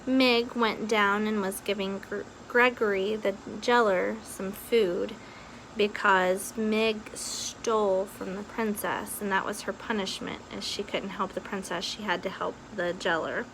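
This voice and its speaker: A woman's voice: medium pitch, fairly even intonation, measured pace, fairly bright tone, a little hiss or hum, rough recording. A woman reading a children's novel aloud with expression, after a casual recap. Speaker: reader.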